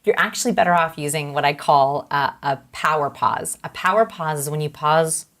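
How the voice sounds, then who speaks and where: A woman's voice: sits low, normal speed. A woman, a behavioral expert, explaining as an interview guest and acting out short examples along the way. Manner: lively, explains with acted-out examples.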